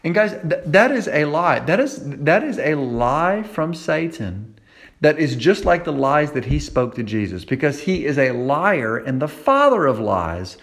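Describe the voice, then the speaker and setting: A man's voice: a little high, very animated, measured pace, fairly bright tone. A man preaching a conversational sermon as a youth pastor, repeating key phrases for emphasis.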